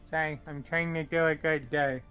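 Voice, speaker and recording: Chatty co-player, light playful tone, game music faint behind. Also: male voice, on the high side, fairly even intonation, normal speed, a bit bright, smooth. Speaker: streamer co-player. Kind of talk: casual gaming chat.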